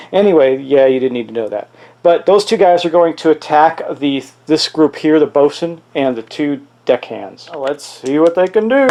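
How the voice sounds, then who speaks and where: A man's voice: medium pitch, warm tone. A man hosting a solo tabletop game playthrough, thinking aloud and exclaiming at dice rolls. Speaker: host playing a tabletop miniatures game.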